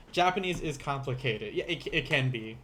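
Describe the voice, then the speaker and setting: A young man teaching beginner vocabulary in a casual livestream, playful and quick to laugh, repeating each word slowly for learners. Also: mid-range voice, expressive, fairly bright tone, slight background noise. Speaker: language teacher.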